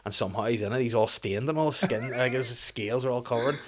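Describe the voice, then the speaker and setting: A man talks at a rapid clip as a podcast guest, piling anecdote on anecdote. He swears freely and laughs often as he goes. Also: mid-range voice. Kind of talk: casual chat.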